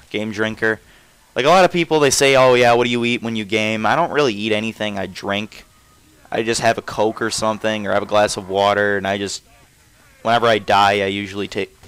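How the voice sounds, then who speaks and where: A man's voice: fairly low pitch, fairly bright tone, clear, resonant tone, poor audio. A young man giving casual, rambling commentary over a video game, often stopping and restarting his thoughts. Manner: rambling, self-interrupting, trails off often. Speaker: gameplay commentator.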